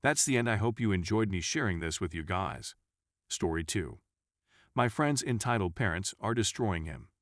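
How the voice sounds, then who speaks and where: A man's voice: lowish voice, expressive, moderate pace, no room sound, studio quality. A man reading online stories aloud as scripted narration, voicing each dialogue tag as a letter. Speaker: story narrator.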